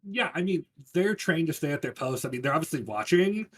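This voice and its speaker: A man narrating as game master in a tabletop game, laid-back, breaking into loud shouted voices for the characters. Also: a little high, lively intonation, a little fast, breathy edge.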